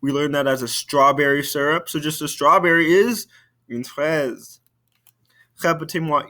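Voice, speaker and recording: A man's voice: on the high side, fairly even intonation, normal speed, sharp tone. A man teaching a recorded French lesson, patiently saying vocabulary for students to repeat.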